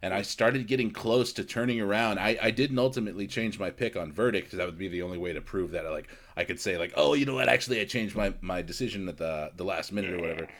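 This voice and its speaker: A man's voice: low-pitched, fast talker, hardly any pauses, fairly bright tone. A man co-hosting a podcast, rambling in casual chat with many restarts and fillers. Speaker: podcast co-host.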